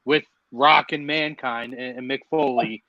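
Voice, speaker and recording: A man's voice: mid-range voice, steady tone, dull audio, crowd noise. A man hosting a podcast who interviews a guest with eager enthusiasm. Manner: enthusiastic, quick to praise. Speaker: podcast host. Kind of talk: casual interview.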